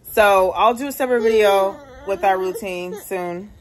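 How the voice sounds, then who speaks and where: A woman's voice: medium pitch, normal speed, crowd noise. A young woman, a single mom working from home, chatting candidly to her phone camera in a casual vlog, swearing now and then. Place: at home, laundry room and house.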